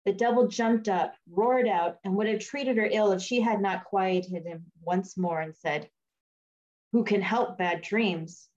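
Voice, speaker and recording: A woman reading a fairy tale aloud in a measured storytelling manner. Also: medium pitch, a little mellow. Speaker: reader. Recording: dull lo-fi recording.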